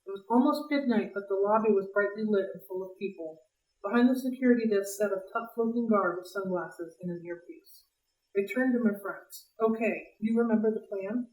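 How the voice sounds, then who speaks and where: A woman reading a novel aloud for a library read-along, in a lively, expressive way. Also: mid-range voice, fairly quick. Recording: roomy, distant mic.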